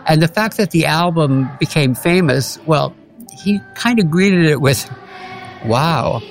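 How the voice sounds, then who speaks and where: An older man who used to teach music tells stories in a reflective interview, warm in his delivery and laughing often. His voice is a little high and his pace a little slow.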